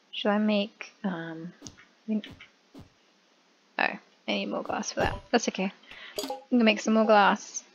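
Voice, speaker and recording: A woman's voice: mid-range voice, vocal fry, lo-fi sound. A woman giving rambling, giggly commentary while playing a video game. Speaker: gaming YouTuber. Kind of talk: casual let's-play commentary.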